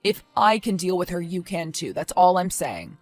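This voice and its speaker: A woman voicing a careless father who breezily brushes off his girlfriend's worries in an animated story. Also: lowish voice, normal speed, no room sound, soft background music. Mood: dismissive. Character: dismissive careless father, a grown man. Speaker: boyfriend and father.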